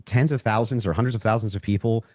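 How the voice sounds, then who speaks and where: A man's voice: lowish voice, steady tone, fast, darkish tone, no echo, studio quality. A man in a heated debate, persistently probing and pressing his opponent with questions.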